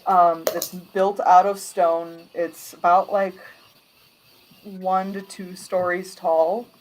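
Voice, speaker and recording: A woman game master describing a scene in a tabletop game, slow and descriptive with many fillers. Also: lowish voice, flat delivery, a little hiss or hum, low-quality recording.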